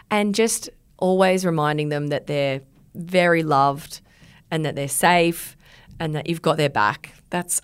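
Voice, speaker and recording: A woman's voice: low-pitched, smooth. A woman in her thirties hosting a podcast in a studio, chatting casually and rambling with filler words. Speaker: podcast host.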